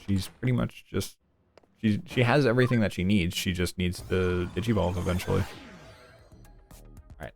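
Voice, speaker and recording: A man's voice: sits low, normal speed, vocal fry, pauses often, soft background music. A man streaming a video game, chatting casually and thinking aloud as he plays. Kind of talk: casual gameplay commentary.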